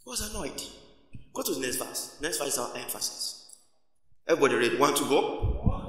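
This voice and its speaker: A man preaching a lively call-and-response sermon to his congregation, stopping for laughter and shouted lines. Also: medium pitch, normal speed, long pauses. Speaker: pastor. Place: church auditorium. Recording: echoey church hall.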